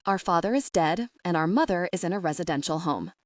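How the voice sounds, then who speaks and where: A woman reading the lines of a huge, blunt male bodyguard, keeping the words short, grunted and flat. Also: on the low side, a little fast, dry recording, studio quality, close to an everyday voice. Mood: terse. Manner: grunting, terse.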